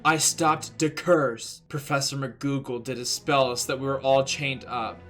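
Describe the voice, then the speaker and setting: A man's voice: medium pitch, steady tone, a little slow, fairly bright tone, faint music behind. A male streamer giving a mock-serious comic dramatic reading of fan fiction.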